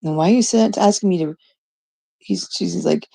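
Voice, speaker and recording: Swearing without restraint, this middle-aged livestream host from Canada tells her chat a story in blunt fashion, slipping in brief quotes of what others said. Her lowish voice is warm yet gravelly and slightly rough, captured with no room sound.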